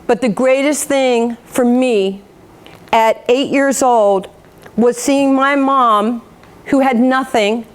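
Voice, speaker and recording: Animated woman telling her story from a stage. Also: on the high side, slow pace. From New York. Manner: animated, acts out quotes, self-mocking humor. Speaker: motivational speaker. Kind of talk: motivational storytelling speech.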